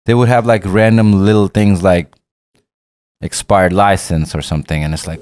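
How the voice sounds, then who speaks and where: A man's voice: on the low side, normal speed, a little mellow, smooth. A middle-aged man with a Pakistani accent, telling long, profane stories as an interview guest and acting out the dialogue. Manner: profane, rambling, acts out dialogue. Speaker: guest rapper. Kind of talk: candid storytelling interview.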